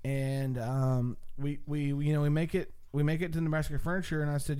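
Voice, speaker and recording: Profane storytelling man, dark voice. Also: on the high side, a little fast, few pauses, clear, resonant tone. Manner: animated, profane, acts out quotes. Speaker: storyteller among friends. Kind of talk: casual storytelling.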